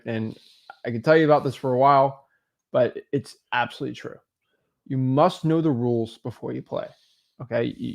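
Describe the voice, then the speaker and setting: A man co-hosting a livestream, talking in an animated, coaching way and acting out conversations, with many "right?" and "like" fillers. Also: mid-range voice. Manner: animated, acts out quoted dialogue, frequent "right?" and "like". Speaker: co-host of real estate livestream. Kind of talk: motivational livestream talk.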